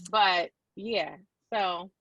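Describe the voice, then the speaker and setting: A woman co-hosting a podcast, telling stories in an animated, laughing casual chat. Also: mid-range voice, very slow, dry recording, muffled recording. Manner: animated storytelling with frequent laughs. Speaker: podcast co-host.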